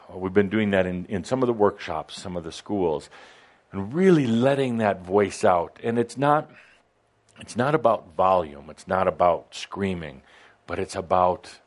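Low-voiced man, relaxed halting talk. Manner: relaxed, halting with many restarts. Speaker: co-host discussing channelled teachings. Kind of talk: casual conversational discussion.

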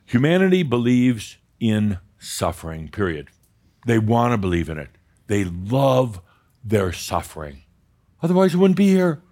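A man with a fairly low voice leads a group workshop, steering the talk and asking people to get specific. He jokes often and his delivery swings from quiet asides to sudden loud bursts. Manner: animated, joking, pushes for specifics. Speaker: workshop leader. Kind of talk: live group session talk.

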